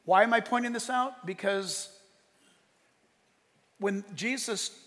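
A man pastor delivering a sermon in a church, animated, bursting into shouted emphasis. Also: high-pitched, slow pace, in a large hall.

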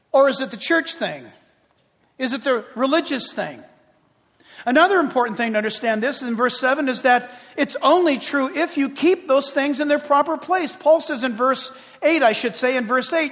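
A man preaching a sermon in an animated, joking style, full of rhetorical questions to the congregation. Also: very high-pitched, in a large hall.

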